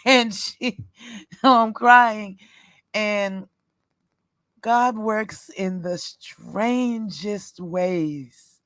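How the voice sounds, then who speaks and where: A middle-aged woman telling a personal story in a casual storytime vlog, rambling and halting, often breaking into laughter. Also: medium pitch, no echo. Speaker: roadside assistance worker.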